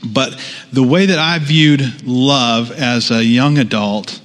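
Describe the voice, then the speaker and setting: A man's voice: medium pitch, takes it slowly. Preaching man in a reverberant hall. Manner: conversational preaching with asides and restarts. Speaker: pastor. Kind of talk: sermon.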